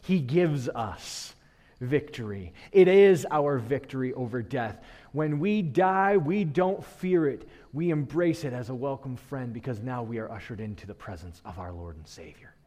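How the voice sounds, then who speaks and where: Preacher in a reverberant hall. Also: male voice, lively intonation, unhurried, dark tone. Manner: builds in rhythmic rising refrains, then drops low. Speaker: pastor. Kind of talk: sermon.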